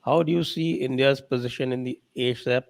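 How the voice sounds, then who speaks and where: A man's voice: medium pitch, fairly even intonation, fairly quick, gravelly. A man moderating a panel discussion, politely reading out audience questions to the guest.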